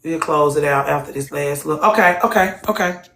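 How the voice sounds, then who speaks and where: A woman's voice: low-pitched, a little fast, a bit bright, a little hiss or hum. A woman hosting a live group talk, blunt and profane, firing off rhetorical questions to her listeners. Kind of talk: casual heated talk to listeners. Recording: echoey room sound.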